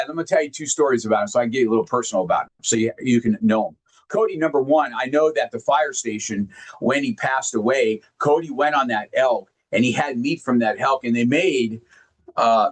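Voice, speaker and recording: Man, motivational speaker, earnest, halting, repeats himself, mid-pitched voice. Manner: earnest, halting, repeats words when moved; emphatic, directly addresses listeners. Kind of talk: heartfelt storytelling talk.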